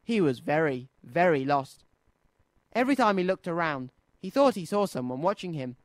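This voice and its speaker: A man presenting a children's radio show, reading a storybook aloud in an expressive, sing-song way. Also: a little high, moderate pace, dry recording.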